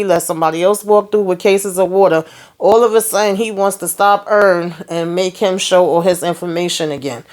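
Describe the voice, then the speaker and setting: A woman's voice: mid-range voice, a little mellow. A woman hosting a casual TV review, chatting through an episode recap and quoting characters with shifts in her voice. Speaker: TV review host.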